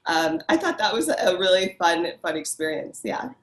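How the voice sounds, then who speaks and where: A woman's voice: on the low side, sing-song, normal speed. A woman costume designer chatting as an interview guest, bubbly and enthusiastic, laughing often. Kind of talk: casual interview chat. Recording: echoey room.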